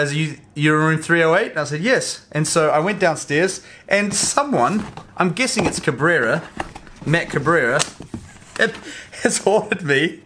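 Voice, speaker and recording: A man vlogging casually to camera from a hotel room, chatty and excitable, laughing often. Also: a little high, a little hiss or hum. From New Zealand. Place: hotel room during quarantine.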